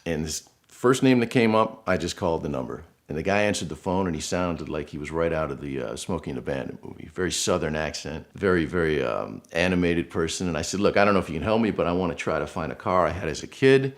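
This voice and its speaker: A middle-aged man from Buffalo, New York, tells a personal story in a casual, heartfelt way. His voice sits low, with a gravelly rasp. He slips into lively impressions of the people he quotes. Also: quick pace, few pauses. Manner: earnest, emotional, animated quotes. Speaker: guest storyteller.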